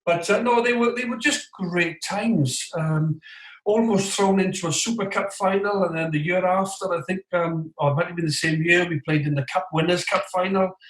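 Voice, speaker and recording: A man in his forties, a former footballer, telling stories as a guest in a casual interview, animated and quick to act out what others said. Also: high-pitched. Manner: animated, tells stories with lively quoted voices. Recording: roomy echoey room sound.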